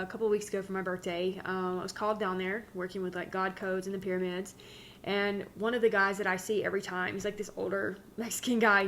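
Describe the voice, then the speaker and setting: A woman's voice: mid-range voice, slight background noise. Candid rambling woman channeler. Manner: candid, rambling, self-interrupting. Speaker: spiritual channeler. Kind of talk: casual spiritual talk.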